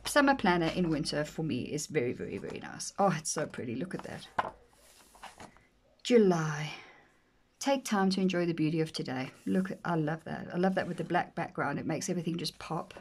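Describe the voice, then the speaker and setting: A woman vlogger gushing over a planner in casual commentary, often dropping to soft near-whispers. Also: sits low, lively intonation, brisk, slight background noise. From South Africa. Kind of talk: casual flip-through commentary.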